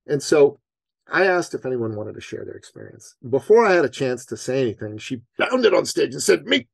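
A man, a business coach, telling a personal story on a podcast in an earnest, animated way that leans on his faith. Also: mid-range voice, brisk, creaky, husky, dry recording. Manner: animated storyteller, acts out his own panic.

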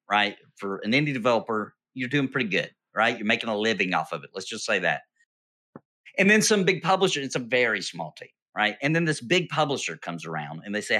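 A man with a bright, forward voice chatting casually among friends. He tells animated stories and keeps asking "right?" to pull the listeners along. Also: lowish voice. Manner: animated storytelling, peppers speech with "right?". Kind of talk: casual chat.

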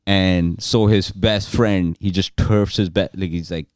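A man's voice: low voice, steady tone, a little slow, smooth, no echo, studio quality. A man in casual podcast chat, telling a long rambling story with restarts and crude jokes.

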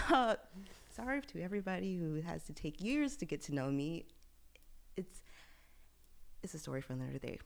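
A woman co-hosting a podcast, telling a personal story in an animated, laughing way that sinks to a near whisper on the sad parts. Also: on the low side, creaky. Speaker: podcast co-host.

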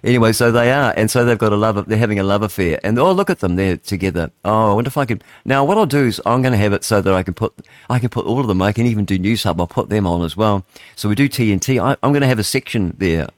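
A man in his sixties hosts a radio show with a somewhat low voice. He rambles through headlines in a loose, chatty way, thinking aloud as he goes. The studio sound is close and dry. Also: fast, no echo. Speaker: radio host. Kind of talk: casual radio chat, reading headlines aloud.

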